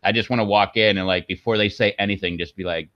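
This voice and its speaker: Deep-voiced rambling man chatting. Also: fairly even intonation, fast. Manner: rambling, filler-heavy, jokey. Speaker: channel host. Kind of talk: casual chat on a video stream. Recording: dull, dry low-fidelity audio.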